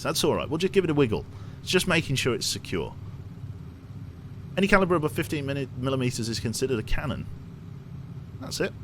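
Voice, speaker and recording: A man's voice: medium pitch, big pitch swings, quick pace, long pauses, a little hiss or hum. A young man streaming a game, chatting casually with viewers, reading chat aloud and swearing now and then. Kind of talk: casual gameplay commentary.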